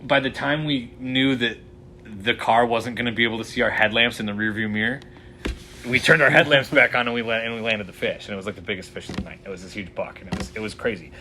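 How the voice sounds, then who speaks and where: A man's voice: medium pitch, steady tone, quick pace, pushed and bright, slight background noise. A man who guides fly fishing, telling stories casually in a podcast interview, rambling with many fillers.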